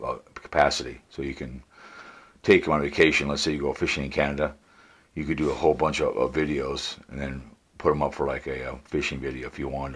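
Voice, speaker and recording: Very deep-voiced man, rambling vlogger. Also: a bit bright, no echo. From Minnesota. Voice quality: audible heavy breathing. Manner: rambling, easygoing, trails off with fillers. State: out of breath. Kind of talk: casual product review vlog. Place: outdoors in a backyard. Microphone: sunglasses camera mic.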